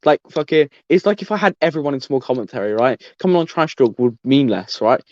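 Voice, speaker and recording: A man's voice: mid-range voice, expressive, fast talker, a little mellow, dry recording, dull audio. A man hosting a casual podcast, rambling and swearing with many stumbling restarts. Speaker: podcast host.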